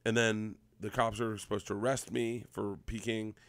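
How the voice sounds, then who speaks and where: A man with a slightly low voice tells a comic story at an animated pace, jumping into quoted lines as he goes. The sound is dry and close, with no room around it. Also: moderate pace, no room sound. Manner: animated anecdote-telling with acted-out quotes. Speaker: guest comedian. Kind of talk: casual storytelling chat.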